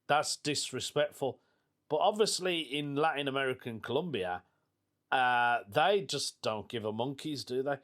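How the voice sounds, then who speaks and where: A man's voice: medium pitch, moderate pace. British guy rambling on his podcast, jokey, voice bouncing up and down a lot. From United Kingdom. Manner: chatty, jokey, animated, laughs often. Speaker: podcast host. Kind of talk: casual solo podcast chat.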